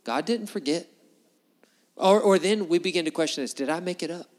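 A man preaching a sermon to a congregation, conversational and animated, full of rhetorical questions. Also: high voice, a little fast, in a large hall. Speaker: pastor. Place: church hall before a congregation.

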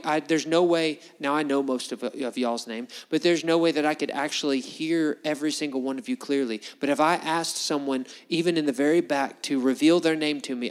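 A man preaching a sermon to a congregation, conversational and animated, full of rhetorical questions. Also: a little high, in a large hall. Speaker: pastor. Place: church hall before a congregation.

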